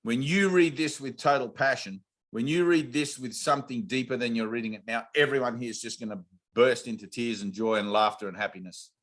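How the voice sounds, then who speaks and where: Man, spiritual teacher, blunt and intense, coaxing, mid-pitched voice, video call. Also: fairly quick, fairly bright tone.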